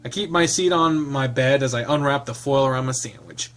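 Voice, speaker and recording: Man narrating a visual novel playthrough, casual, rambling asides, medium pitch. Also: fairly quick, fairly bright tone, soft background music. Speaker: game streamer. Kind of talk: reading a visual novel aloud with commentary.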